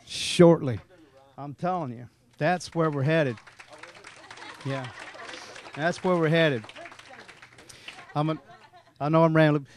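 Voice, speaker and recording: Man, middle-aged, rambling folksy talk, higher voice, dry sound. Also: dry recording. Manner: animated, rambling, laughs often. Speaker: motivational speaker at a sales meeting. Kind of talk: folksy storytelling talk to a room. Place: meeting room.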